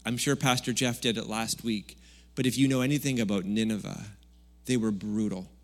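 Man, lower-pitched voice, pastor delivering a casual, humorous sermon with sudden loud bursts. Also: steady tone, moderate pace. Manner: conversational, jokey preaching with sudden loud bursts. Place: church service.

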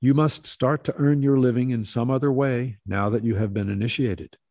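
A man voicing a calm, kindly spiritual master who speaks gently and in measured words. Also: medium pitch, no echo, clean studio sound, lightly acted. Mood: firm. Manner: gentle, soft-spoken, measured.

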